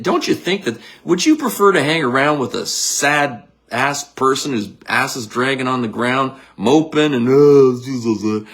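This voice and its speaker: A middle-aged man, a psychic medium leading a guided visualization talk in a blunt, energetic, casual coaching manner. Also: mid-range voice, gravelly. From Canada.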